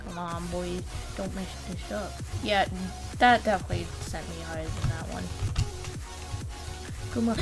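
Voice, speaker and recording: A young woman commentating her gameplay casually, excitable, shrieking and repeating words when things go wrong. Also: fairly low pitch, measured pace, soft background music. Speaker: gaming channel host.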